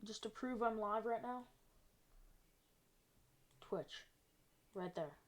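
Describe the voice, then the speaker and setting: A woman's voice: mid-range voice, takes it slowly. A woman live streaming, chatting casually to an almost empty chat while she works on a map. She talks in a rambling, self-mocking way.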